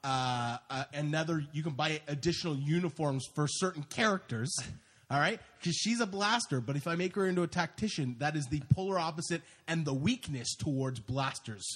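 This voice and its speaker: Man, slightly high voice, eager, rambling, casual podcast chat. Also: brisk, fairly bright tone. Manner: eager, rambling gamer talk. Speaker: podcast co-host.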